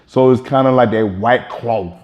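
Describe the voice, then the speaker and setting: A man from the States, explaining things in a relaxed interview and often repeating words as he thinks. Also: mid-range voice, normal speed, dull audio. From Southern United States. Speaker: guest, blog founder. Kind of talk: casual interview chat.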